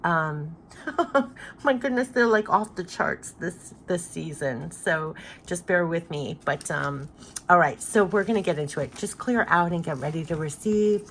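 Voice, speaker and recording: A woman's voice: lowish voice, measured pace, a bit bright, a little hiss or hum. A woman doing a casual spiritual card reading, chatty and repetitive with many fillers, her voice congested from allergies.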